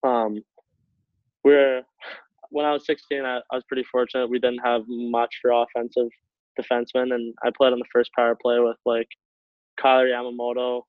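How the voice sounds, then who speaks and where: A young man, a hockey player, telling a story in a rambling casual way, full of likes and quick laughs. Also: mid-range voice, flat delivery, no echo. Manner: rambling, many likes, laughs between phrases. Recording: tinny phone-like line, dry.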